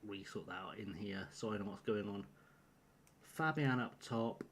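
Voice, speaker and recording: Male game streamer, mid-pitched, rambling and flustered, muttering through team selection. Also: a little slow, slight background noise. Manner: rambling, flustered, talks to himself while picking a team. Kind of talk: live-streamed gameplay commentary.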